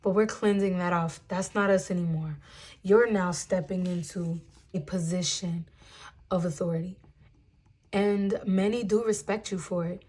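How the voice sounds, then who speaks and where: A woman's voice: medium pitch, darkish tone. Earnest woman giving a tarot reading. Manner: earnest, emphatic, drawn-out spiritual talk; addresses viewers as "guys". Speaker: tarot reader.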